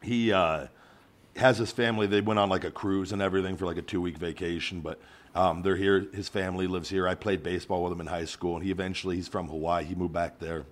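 Low-voiced man, loud podcast banter. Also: steady tone, fast. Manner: loud teasing banter, swears freely. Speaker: podcast host. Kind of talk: casual podcast chat.

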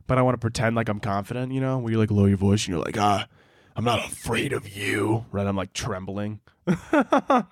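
A man's voice: on the low side, dry recording. A man hosting a solo podcast, talking casually in a rambling, profane, joking way into a close mic. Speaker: podcast host.

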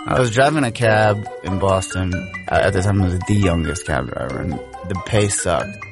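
A man's voice: deep voice, moderate pace, creaky, music in the background. A man who was once a cab driver and ballpark vendor, recalling it in a casual, matter-of-fact way. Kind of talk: casual recollection.

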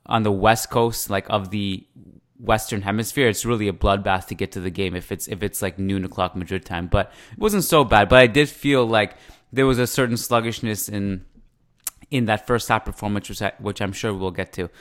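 A man's voice: fairly low pitch, normal speed, a bit bright. A man hosting a podcast in a chatty, conversational way, with loose asides. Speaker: podcast host. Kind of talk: casual podcast chat.

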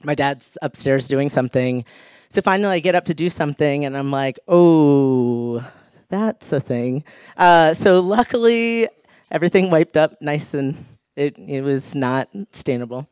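A man's voice: fairly high pitch, normal speed, smooth, no room sound, studio quality. A man telling a humorous personal story on stage, laughing often and acting out the people he quotes. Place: live stage show.

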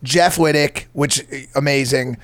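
A man's voice: medium pitch, fairly even intonation, a little slow, fairly bright tone. A man in his late thirties co-hosting a podcast, joking and teasing his co-host. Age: late 30s. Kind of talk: casual chat.

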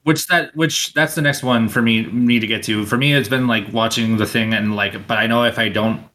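A man's voice: fairly low pitch, steady tone, normal speed, bright, forceful tone. A man co-hosting a podcast, enthusing emphatically in casual chat, with plenty of swearing. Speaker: podcast co-host.

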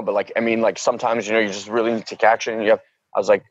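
A man in his thirties telling a story in a casual chat, animated, acting out quoted voices and saying "like" constantly. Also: lowish voice, racing, no room sound, lo-fi sound. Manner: filler-heavy, says "like" a lot.

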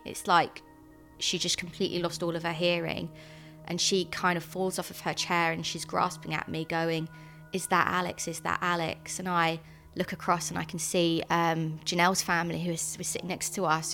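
Halting woman, low-voiced. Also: fairly bright tone. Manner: earnest, halting, with frequent ums and restarts. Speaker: interviewee, sister of a convicted man. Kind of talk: personal account in an interview.

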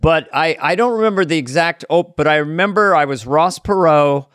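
A man co-hosting a podcast, chatting casually and jumping in with quick asides. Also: a little high, fairly bright tone, smooth, dry recording, studio quality. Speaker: podcast co-host, comedian. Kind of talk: casual chat.

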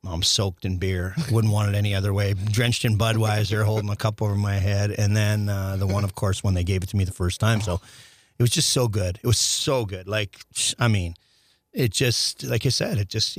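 Low-voiced man telling rambling stories. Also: normal speed, no echo, studio quality. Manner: rambling, animated storyteller with frequent restarts and mild swearing. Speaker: podcast guest, former hockey player. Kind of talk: casual storytelling interview.

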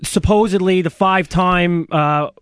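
A male radio co-host chats casually and tells stories at length. His voice sits a little high, and it is recorded dry and close in the studio. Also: measured pace, a bit bright, clear, resonant tone, no room sound. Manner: rambling storyteller, frank. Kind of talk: casual chat.

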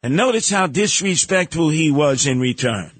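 A man's voice: a little high, expressive, normal speed. A man hosting a radio talk show, delivering an opinionated, sarcastic and combative monologue.

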